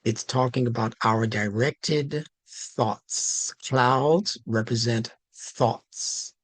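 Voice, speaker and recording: A male instructor giving a slow, emphatic religious language lesson, stressing key words. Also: medium pitch, dry recording. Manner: slow, deliberate, emphatic teaching.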